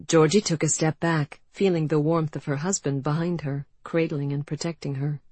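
An audiobook narrator reading a period novel in a measured, expressive way. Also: mid-range voice, slightly rough, no room sound. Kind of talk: scripted narration.

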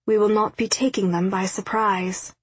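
A woman's voice: mid-range voice, little pitch movement, normal speed, slightly rough, no room sound, close to an everyday voice. A woman narrator voicing a dry-witted female warrior companion with wry, understated remarks.

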